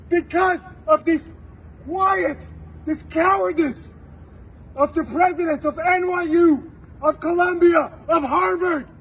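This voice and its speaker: Male, 40s, very high voice, slow fiery protest speech, shouting and choking up, distant mic with faint traffic. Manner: emotional, shouting, voice breaking with tears. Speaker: university employee giving a protest speech.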